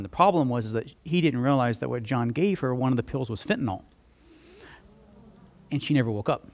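A pastor giving a conversational sermon, telling a personal story with animated delivery. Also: male voice, mid-range voice, brisk, pauses often. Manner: animated, acts out dialogue in the story.

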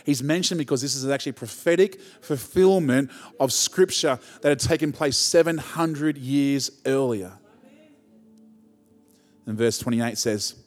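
Pastor preaching in a reverberant hall. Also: male voice, medium pitch. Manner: conversational preaching, builds to emphatic rises. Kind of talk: sermon.

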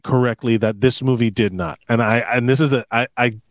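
A man's voice: medium pitch, steady tone, brisk, no room sound, studio quality. A man co-hosting a podcast, talking about movies in an emphatic, opinionated way. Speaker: podcast co-host. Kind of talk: casual movie chat.

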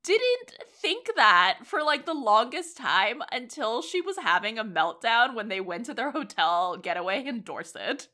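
A woman's voice: on the high side, sing-song, measured pace, few pauses, bright, forceful tone. A woman co-hosting a podcast, chatting casually and sarcastically about a film, laughing often. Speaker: podcast co-host. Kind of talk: casual film review chat.

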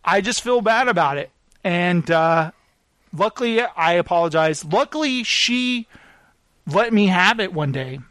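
High-voiced man, self-deprecating storyteller. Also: animated, measured pace, fairly bright tone, no echo. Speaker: podcast host. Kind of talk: casual storytelling chat.

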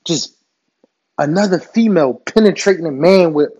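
A man's voice: on the high side, animated, normal speed, a little mellow, slightly rough, muffled recording. A man quoting a bold, seductive adult woman in his story, in a coaxing, suggestive tone.

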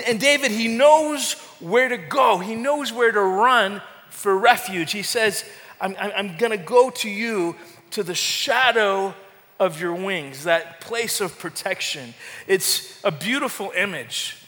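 A man delivering a passionate sermon in a high, bright, forceful voice. He repeats words and lifts his voice in calls to the church, and a long hall reverb trails after him. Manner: impassioned preaching with repeated words and rising calls. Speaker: pastor.

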